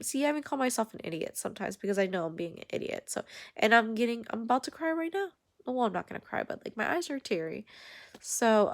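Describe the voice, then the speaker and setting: A woman's voice: fairly high pitch, creaky. A woman giving a casual personal vlog update, rambling and blunt and swearing freely, filmed on a handheld camera. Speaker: vlogger. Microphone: handheld camera at arm's length.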